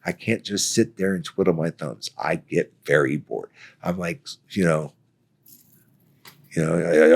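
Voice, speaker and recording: A man's voice: sits low, a little slow, gravelly, slightly rough. A man from Florida, a veteran, telling a story casually, acting out the quoted lines and laughing often. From Florida, United States. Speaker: guest, Army veteran.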